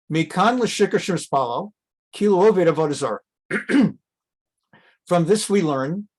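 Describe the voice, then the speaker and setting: A middle-aged man, a rabbi, teaching a conversational class on a Bible text, reading Hebrew passages and translating them with asides, jumping up in pitch when he acts out quotes. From America. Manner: animated, jumps up in pitch when acting out quotes.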